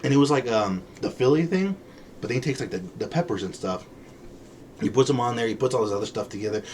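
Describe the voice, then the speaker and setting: A man co-hosting a podcast, chatting casually and telling lively stories, acting out the people he quotes and laughing often. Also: medium pitch, fast talker, a little hiss or hum. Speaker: podcast co-host. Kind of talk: casual chat.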